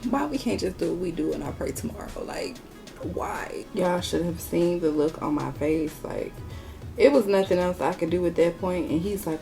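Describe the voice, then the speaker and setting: A woman beauty vlogger tells a story while she works through a makeup tutorial. Her voice sits low and mellow, with a relaxed, dark tone. She talks bluntly and swears freely, speaking straight to her viewers. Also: moderate pace, vocal fry, soft background music. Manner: candid and profane, talking straight to viewers. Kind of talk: casual storytime chat during a makeup tutorial.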